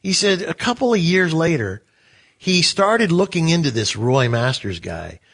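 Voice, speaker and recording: A man chatting casually as a co-host, telling animated stories and acting out the people in them. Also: on the high side, a little slow, creaky, slightly rough. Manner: animated, acts out voices in his stories. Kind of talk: casual storytelling chat.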